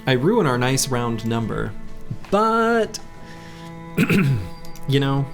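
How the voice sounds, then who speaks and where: A man's voice: mid-range voice, sing-song, drawn-out words, soft background music. A man casually commenting on his game as he plays, thinking aloud and chatting with his viewers. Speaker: game streamer.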